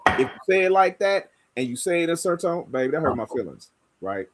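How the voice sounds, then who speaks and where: A man in casual group conversation, talking slowly and emphatically and demonstrating points by changing his tone. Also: fairly high pitch, big pitch swings, noisy background. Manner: slow, emphatic, explains by demonstrating tone.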